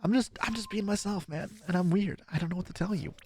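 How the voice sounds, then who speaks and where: A man's voice: high voice, quick pace, a little mellow, slight background noise. A man casually commentating his own card game play on a live stream, joking and swearing. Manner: laid-back, jokey, swears and laughs often.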